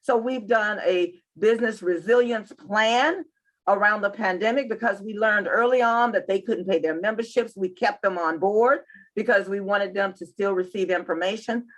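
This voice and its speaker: A woman's voice: medium pitch, moderate pace. A woman, a chamber of commerce president answering interview questions and repeating key points for emphasis. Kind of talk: interview guest.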